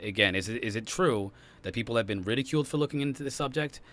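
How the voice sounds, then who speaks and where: A man's voice: medium pitch, fairly bright tone. A man hosting a podcast, arguing heatedly and repeating his points, with a British accent. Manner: fast, insistent, repeats himself. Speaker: podcast host. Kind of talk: heated debate.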